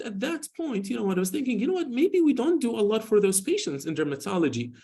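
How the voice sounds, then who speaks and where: A man in his forties with a slightly high voice gives a hospital lecture on skin medicine. His speech rambles, often looping back through "you know" and restarts. He tells patient stories in an easygoing, informal way. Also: wildly swooping pitch, brisk, few pauses, dark tone. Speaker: dermatologist giving a hospital lecture.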